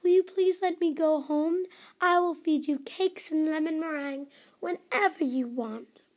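A worried young mother from a bedtime storybook, as a woman reads her part, speaking in a high, slow, earnest voice. She sounds pleading and sincere.

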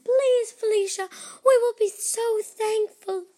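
A chorus of tiny storybook elves, put on by a woman, squeaking their pleas in a very high, piercing voice. They sound frantic and begging, the words stretched slowly. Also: steady tone, warm tone. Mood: pleading. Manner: shrill, begging. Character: panicked tiny pleading elves.

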